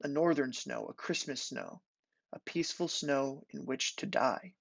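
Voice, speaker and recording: A young man gives a measured, deliberate reading of his literary prose, his voice gravelly with fry. The sound is close and dry, with a dull, lo-fi tone. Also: mid-range voice, sing-song, no room sound. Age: young adult. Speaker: student reading his thesis. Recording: dull lo-fi recording.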